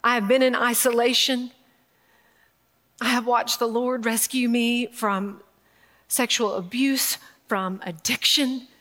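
A woman preaching a sermon in an emotional, emphatic way, laughing and pausing as she speaks. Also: fairly high pitch, fairly even intonation, fairly bright tone. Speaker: speaker at a women's gathering. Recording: long hall reverb.

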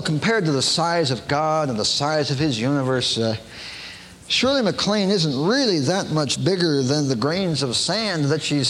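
A man preaching in a lively, high-pitched voice that swoops widely, and he keeps slipping into mocking, humorous asides. His voice rings through a long hall reverb over faint background noise. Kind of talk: sermon. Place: lecture hall stage with podium.

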